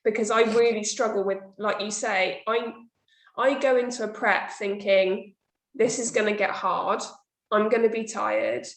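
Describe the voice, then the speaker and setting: A woman chats candidly as a podcast host, acting out her own past remarks. Her voice sits at a middling pitch, and the room adds a clear echo. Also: fairly even intonation, unhurried. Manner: candid, chatty, quotes herself often. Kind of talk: casual chat. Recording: roomy echo.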